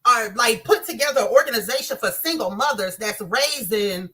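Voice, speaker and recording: A woman talks straight to her viewers, impassioned and direct. Her voice sits a little high, bright and forceful, with a husky edge. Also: expressive, normal speed. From Southern US. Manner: impassioned, addresses viewers as y'all. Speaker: commentator. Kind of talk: emotional commentary to viewers.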